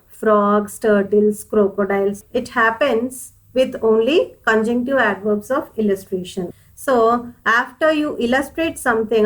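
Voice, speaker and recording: A woman with a slightly high voice walks through an English grammar lesson. She explains patiently, repeats each point and calls her viewers dears. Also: rough recording.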